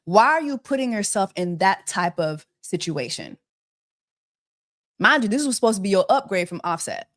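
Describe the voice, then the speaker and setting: A woman's voice: mid-range voice, big pitch swings, normal speed, fairly bright tone. A woman hosting a celebrity gossip livestream, talking casually and exasperated, firing off repeated rhetorical questions and mocking with quacking bird jokes.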